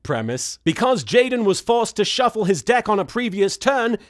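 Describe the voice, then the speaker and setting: Male host, high voice, sarcastic comedic recap commentary. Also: sing-song, normal speed, hardly any pauses. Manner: sarcastic, exasperated asides. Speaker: host recapping an anime episode.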